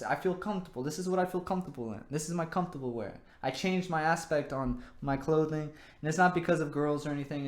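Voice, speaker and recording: A man's voice: fairly high pitch, reverberant. A young man hosting his own show, giving earnest, rambling dating advice full of "you know" and repeated words. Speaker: host. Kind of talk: casual advice monologue.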